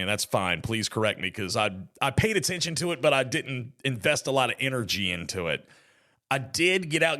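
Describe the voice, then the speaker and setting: Male podcast host, bright tone, chatty solo talk with joking asides. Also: mid-range voice.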